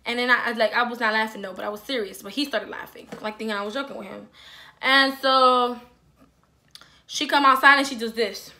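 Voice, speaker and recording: Bright-voiced young woman telling a story. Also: fairly high pitch, a little fast. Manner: animated, filler-heavy storytelling. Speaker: vlogger. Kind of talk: storytime vlog.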